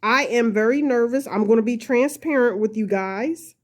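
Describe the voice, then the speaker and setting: Hosting a crochet lesson, this woman speaks at a moderate pace in a voice on the high side. Her relaxed talk-through is full of chatter, laughter, self-deprecating jokes, and "y'all" aimed at viewers.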